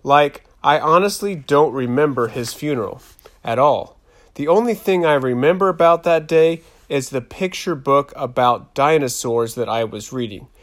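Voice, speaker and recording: A man voicing a gentle, reflective preteen girl. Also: medium pitch, moderate pace, lightly acted.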